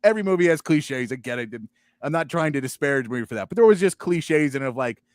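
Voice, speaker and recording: A male sports talk host chatting casually, animated and mocking, acting out lines as he goes. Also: medium pitch, quick pace, no echo. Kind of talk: casual chat.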